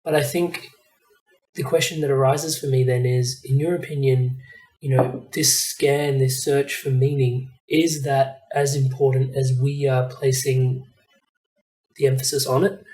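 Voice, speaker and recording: A man's voice: mid-range voice, level tone, unhurried, a little mellow, echoey room, distant mic. A man hosting an interview, asking reflective questions and affirming and summing up his guest's points. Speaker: host. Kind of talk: casual interview chat.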